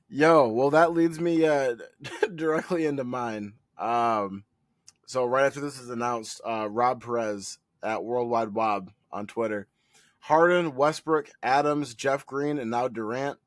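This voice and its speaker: A man's voice: mid-range voice, slow pace, dry recording. A man co-hosting a podcast, swearing freely while telling stories in casual chat. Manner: profane, animated storytelling. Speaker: podcast co-host.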